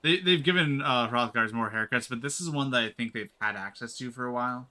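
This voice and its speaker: A man's voice: mid-range voice, a little fast, bright, forceful tone. A man streaming a video game, making offhand, joking comments between dialogue reads. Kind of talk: casual gameplay commentary.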